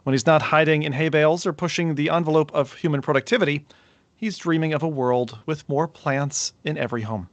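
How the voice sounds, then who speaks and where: A man with a slightly raised pitch hosts a casual podcast chat. He jokes his way through introductions and housekeeping. The sound is very dry and close. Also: brisk, dry recording, highs cut off. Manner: joking, playful introductions. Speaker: podcast host. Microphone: remote call setup.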